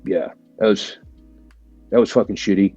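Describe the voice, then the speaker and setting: Husky low-voiced vet guy, swearing, dark mellow sound, kinda dull dry audio. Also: steady tone, normal speed, no echo, faint music behind. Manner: candid, profane, full of "right?" and "like". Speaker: podcast guest, military veteran. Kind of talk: casual storytelling.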